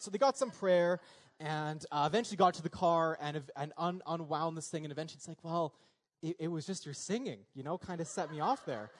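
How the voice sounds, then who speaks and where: A young man preaching a conversational sermon as a pastor, with a halting manner full of fillers and restarts. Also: fairly high pitch, a little mellow.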